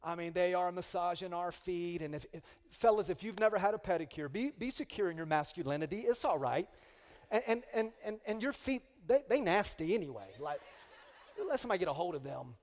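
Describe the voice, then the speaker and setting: In a church sanctuary full of long, large-hall reverb, a middle-aged male pastor delivers a funny sermon in a high, brisk voice. He tells stories with comic, animated energy, his call-outs to the congregation rising as he goes.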